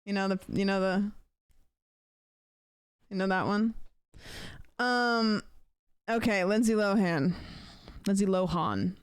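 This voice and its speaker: A woman's voice: medium pitch, slow pace, pauses often, clear, resonant tone, no echo, studio quality. A young adult woman streamer in casual chat, rambling and playful and swearing now and then. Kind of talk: casual chat, ranking celebrities' texting habits.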